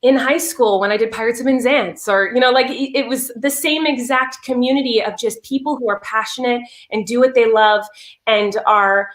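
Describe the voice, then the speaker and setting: A woman in her thirties with a high, light voice, chatting earnestly as a guest on a video call. Her words tumble out with restarts and "you know"s. The sound is roomy and echoey, as from a bare home room. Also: fairly even intonation, moderate pace, fairly bright tone. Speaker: guest performer. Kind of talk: casual interview chat.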